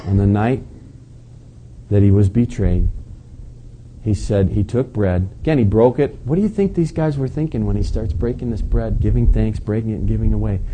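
Dark-voiced male pastor preaching. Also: lowish voice, a little hiss or hum, low-quality recording. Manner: preaching with rising emphasis and rhetorical questions. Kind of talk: sermon.

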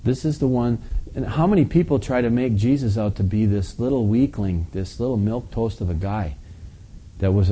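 A man preaching a sermon, reading scripture aloud and swinging between quiet asides and loud, forceful passages. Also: mid-range voice, a little hiss or hum. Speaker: pastor.

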